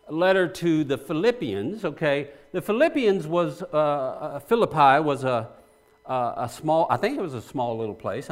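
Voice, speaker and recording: A male pastor preaching a sermon to his congregation, asking them questions and repeating phrases for emphasis, often restarting mid-sentence. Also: fairly high pitch.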